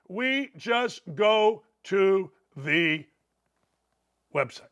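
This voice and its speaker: Excitable gravelly-voiced male talk host. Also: sits high, unhurried. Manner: excitable and rambling, bursts into shouting. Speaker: sports talk show host. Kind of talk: loud sports betting talk show banter.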